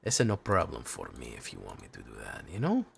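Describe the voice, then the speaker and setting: A man putting on the voice of his middle-aged Latino immigrant father, with a Spanish-accented English, soft and lulling. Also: wildly swooping pitch, vocal fry, slight background noise, heavily acted. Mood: soothing. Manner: soft, slow, lulling, low and hushed.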